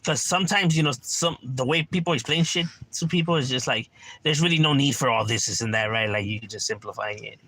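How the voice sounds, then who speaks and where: A man's voice: mid-range voice, a little fast, a bit bright. A man, chatting casually and profanely on a livestream from home, peppering his talk with "right?". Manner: laid-back, slangy, profane, keeps asking "right?". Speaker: livestreamer reading chat.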